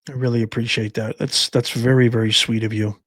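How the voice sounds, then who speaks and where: In a dry recording, an older livestream host closes out his casual stream by thanking viewers by name, earnest and emotional to the point of choking up. His mid-range voice is flat, fairly quick and a bit bright.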